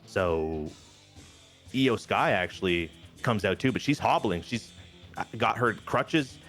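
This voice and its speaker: A man casually narrating a multiplayer wrestling management game session, animated and quick to act out the wrestlers' lines. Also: on the low side, soft background music. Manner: animated storyteller, briefly acting out wrestlers' lines. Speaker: game show host narrating a wrestling sim.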